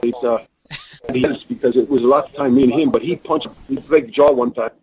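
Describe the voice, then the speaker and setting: A man's voice: medium pitch, a little fast, rough recording. A man with a Russian accent, speaking broken English, telling rambling stories as a guest in an interview. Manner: broken English, rambling anecdotes, animated voices for quotes. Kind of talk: phone interview storytelling.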